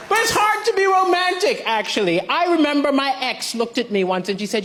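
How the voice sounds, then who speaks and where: A man from Malawi doing a stand-up comedy set, telling deadpan stories with punchlines on a big theatre stage. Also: high voice, moderate pace, slight background noise. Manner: deadpan storytelling, punchlines to a laughing crowd. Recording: loud live crowd and applause in a big theatre.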